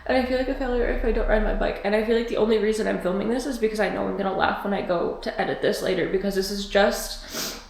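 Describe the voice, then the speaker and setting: A woman's voice: mid-range voice, steady tone, fast talker, creaky, few pauses, roomy sound, low-quality recording. A woman vlogger talking casually and candidly, rambling and swearing freely as she shares her days. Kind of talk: casual chatty vlog.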